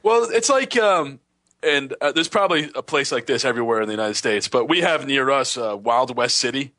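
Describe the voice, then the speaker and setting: A man's voice: medium pitch, lively intonation, brisk, pushed and bright, dry recording, studio quality. A young man co-hosting a podcast in casual chat, joking and often restarting his sentences. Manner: hesitant, repeats words, joking. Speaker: podcast co-host.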